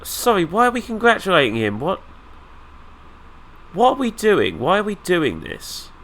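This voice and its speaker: Stuffed up and nasal from the flu, a man plays a video game for his let's play, tossing out sarcastic, exasperated asides in casual commentary. His high voice swoops wildly in pitch at a normal speed, sounding a bit bright over slight background noise.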